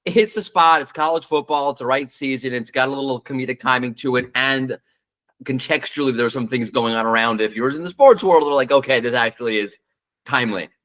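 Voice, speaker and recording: In a brisk, medium-pitched voice with a fairly bright tone, a man hosts a marketing show and critiques brand ads. His solo commentary is casual, blunt, and opinionated, unscripted and dotted with fillers.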